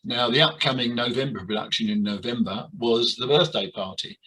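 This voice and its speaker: An older man being interviewed about his years in amateur theatre, talking with many pauses, fillers and restarts. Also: medium pitch, pushed and bright, husky, low-quality recording. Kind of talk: reminiscing interview.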